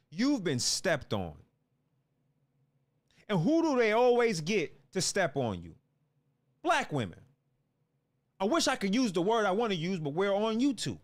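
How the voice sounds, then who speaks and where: Heated male commentator, lively high delivery, fiery rant. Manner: fiery, restarts and repeats words. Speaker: political commentator. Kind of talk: heated ranting monologue.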